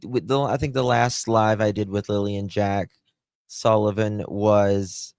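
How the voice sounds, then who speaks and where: A man's voice: fairly low pitch, smooth, dry recording. A man hosting a casual livestream, chatting with viewers and greeting them by name, often trailing off and restarting his sentences. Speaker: livestream host.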